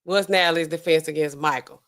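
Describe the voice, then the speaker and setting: A woman pharmacist hosting a casual true-crime livestream, chatting straight to her viewers with big swings of pitch. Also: fairly even intonation, fairly quick, a bit bright. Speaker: pharmacist host.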